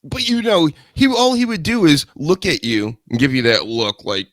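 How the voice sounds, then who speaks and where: A man's voice: on the high side, animated, moderate pace, a bit bright, dry recording. A man hosting a solo chat show into a studio mic, rambling and joking with crude asides. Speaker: show host.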